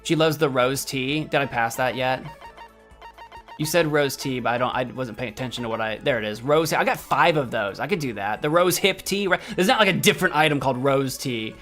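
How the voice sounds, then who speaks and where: A man's voice: mid-range voice, brisk, a bit bright, faint music behind. A man streaming a video game, chatting casually, laughing often and thinking aloud as he reacts to what happens on screen. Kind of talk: casual let's-play commentary.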